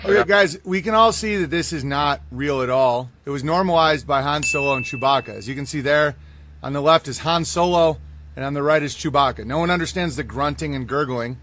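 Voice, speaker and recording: A male host does reaction commentary in a blunt, sarcastic, dismissive tone. His voice sits slightly high for a man, and his delivery stays casual and off the cuff. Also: brisk, a bit bright, slight background noise.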